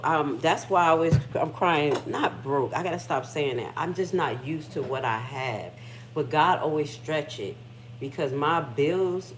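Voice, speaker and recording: A woman's voice: low voice, noisy background. A middle-aged woman, hosting a casual livestream chat from her kitchen and talking candidly with frequent swearing. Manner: candid, profane, emotional storytelling. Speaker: livestream host.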